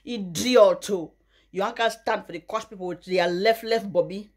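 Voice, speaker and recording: A young Nigerian woman vlogger giving mocking gossip commentary, often breaking into loud high laughter. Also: moderate pace. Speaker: YouTuber.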